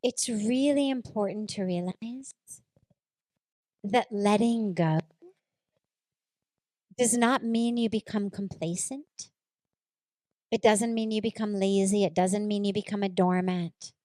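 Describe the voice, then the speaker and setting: A woman's voice: medium pitch, takes it slowly, pauses often, mellow, no room sound. A woman spiritual teacher giving a reflective talk, earnest and repeating phrases for emphasis as she tells a personal story.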